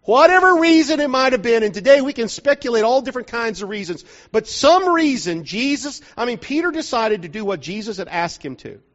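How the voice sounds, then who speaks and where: A man's voice: very high voice, very animated, brisk, hardly any pauses, fairly bright tone. A man preaching a sermon in a conversational, joking way, often asking the listeners whether they are following, in a dull lo-fi recording from a church hall.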